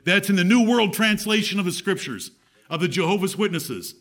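A man's voice: sits high, animated, fairly quick, a bit bright. A man preaching a sermon as pastor, reading scripture aloud with strong emphasis.

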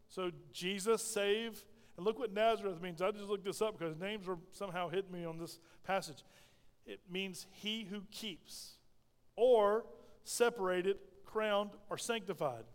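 A man's voice: high-pitched, clean tone. A middle-aged man preaching a sermon as pastor, asking the congregation questions and calling for responses. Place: church sanctuary. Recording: long hall reverb.

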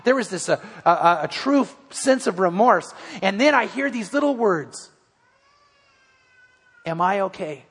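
A man's voice: high-pitched, expressive, moderate pace, hardly any pauses, breathy edge. Man, pastor, sermon, earnest, repeats words, long church reverb. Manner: earnest, repeats words in restarts, drops soft for stories. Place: church sanctuary.

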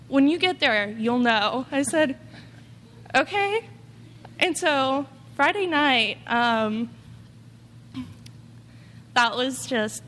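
A woman's voice: fairly high pitch, a bit bright, long reverb tail, slight background noise. A woman giving an earnest, rambling personal testimony, full of "like" and quoted asides. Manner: earnest, rambling, heavy use of "like". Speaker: testimony speaker.

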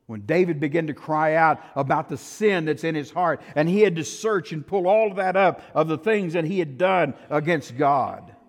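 A male pastor preaching a storytelling sermon, swinging from loud outbursts to hushed tones. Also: on the high side, moderate pace, few pauses. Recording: reverberant hall.

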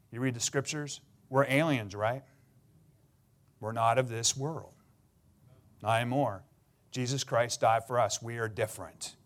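A middle-aged pastor from Canada giving a sermon, telling personal stories in an earnest, sometimes emotional way. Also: male voice, medium pitch.

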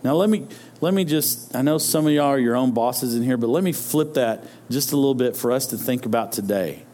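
Speaking a little fast in a dark, mid-range voice, a pastor gives his flock an informal sermon. His sentences frequently restart, with words repeated as he stumbles.

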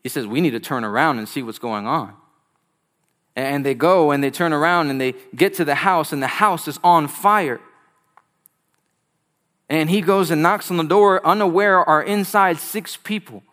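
A man preaching a sermon, telling a story with quick asides, rising to loud emphatic peaks and dropping to hushed low lines.

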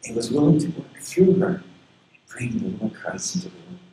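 A man from southern Florida preaching a sermon as a pastor, telling personal stories in an earnest way. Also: moderate pace. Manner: earnest, personal storytelling with lively pitch swings. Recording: very echoey room with faint background noise.

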